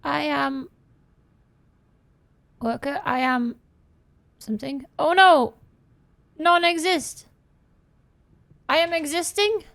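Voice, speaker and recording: A woman's voice: high-pitched, slow pace, creaky, long pauses, a bit bright. A woman giving casual, playful commentary while she plays a game, reading the screen aloud and swearing now and then. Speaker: streamer playing a game.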